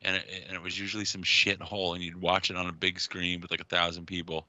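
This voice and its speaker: A man co-hosting a casual podcast, talking excitably, swearing and laughing a lot. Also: low-pitched, fast talker, no room sound, lo-fi sound. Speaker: podcast co-host. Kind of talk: casual chat.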